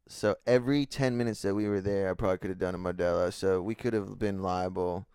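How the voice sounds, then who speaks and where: A young man with a lowish, smooth, resonant voice, chatting loosely on a podcast. He rambles and swears freely, joking around. The sound is dry and close. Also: steady tone, quick pace, a little mellow, no echo. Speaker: podcast co-host. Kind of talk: casual chat.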